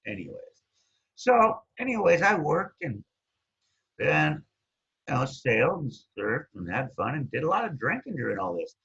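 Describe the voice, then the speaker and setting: A middle-aged man with a very husky, breathy voice tells his story in a loose, chatty way. His pitch swings up and down as he goes. The sound is dull and lo-fi. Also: moderate pace. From Hawaii. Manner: animated, jumps up and down in pitch, trails off with "anyways". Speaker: guest. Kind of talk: casual storytelling.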